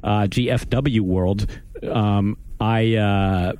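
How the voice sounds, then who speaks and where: A man's voice: fairly low pitch, steady tone, extremely slow, darkish tone. A man hosting a casual gaming podcast, rambling and wry, often stopping and restarting his sentences. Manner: rambling, self-interrupting, wry. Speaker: podcast host. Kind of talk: casual chat.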